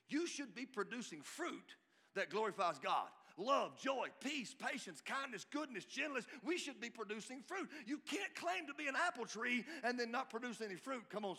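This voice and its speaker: Fiery preacher, bright, in a hall. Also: male voice, very high-pitched, husky. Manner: emphatic, rising to shouts at peaks. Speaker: pastor. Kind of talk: sermon. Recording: reverberant hall.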